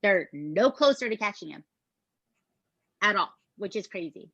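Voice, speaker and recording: A podcast co-host tells a true-crime story in a casual, emphatic way and swears now and then. Her mid-range voice is animated, unhurried and a bit bright, with no room sound, coming through a dull, dry lo-fi podcast mic.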